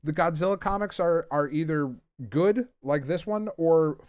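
A man's voice: on the high side, a little slow, a little mellow, smooth, dry recording. A man hosting a podcast, chatting casually about comic books in a rambling, swearing, self-mocking way. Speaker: podcast host. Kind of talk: casual chat, comic book review. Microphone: podcast microphone.

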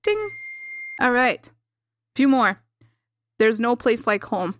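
A woman's voice: on the high side, big pitch swings, slow, dry recording, clean studio sound. A woman co-hosting a podcast and running a quote quiz, laughing often in casual chat. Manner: laughs often, upbeat quizmaster.

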